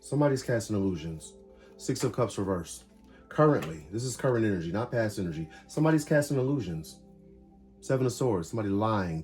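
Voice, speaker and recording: Brief: male tarot reader, casual and emphatic, short card-by-card bursts, soft music underneath. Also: lowish voice. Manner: talks through cards in short bursts, animated and emphatic.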